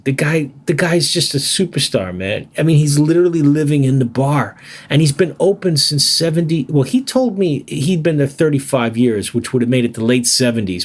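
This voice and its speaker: A man co-hosting a podcast, telling animated stories in casual chat and laughing as he goes. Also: medium pitch. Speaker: podcast co-host.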